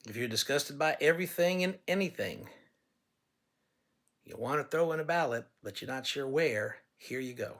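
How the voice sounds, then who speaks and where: This political candidate from California uses lively intonation at a normal speed, his medium-pitched voice a bit bright. He speaks directly to listeners, blunt and folksy, illustrating his campaign message with stories.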